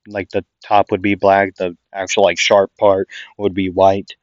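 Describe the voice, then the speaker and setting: Slow, rambling young man narrating. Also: sits low, flat delivery, no echo, dull audio. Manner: rambling, full of "like" and restarts. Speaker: storyteller. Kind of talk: casual improvised fan-story narration.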